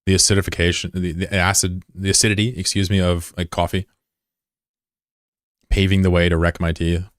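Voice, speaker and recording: A man's voice: low-pitched, level tone, a little fast, dry recording, studio quality. A man streaming a game and chatting casually with viewers, rambling and curious, with plenty of fillers and swearing. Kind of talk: casual chat with viewers while gaming.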